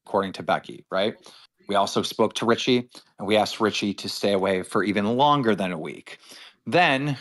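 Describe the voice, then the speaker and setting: A man's voice: fairly low pitch, a bit bright. A man hosting a heated casual debate, explaining a timeline in rambling, profane bursts. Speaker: show host.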